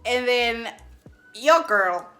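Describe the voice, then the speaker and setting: A young woman tells a story to her vlog viewers, chatty and dramatic, piling up fillers as she goes. Her voice is bright and crisp. Faint music plays behind her. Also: a little high, animated, very slow. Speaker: vlogger.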